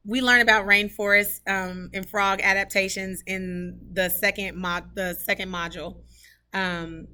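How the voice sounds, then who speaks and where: Woman teacher showing off her classroom, chatty and heartfelt, bright sharp voice. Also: mid-range voice. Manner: chatty, rambling, heartfelt, with many fillers. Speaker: third grade teacher. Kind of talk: casual classroom tour vlog. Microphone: camera she carries while touring.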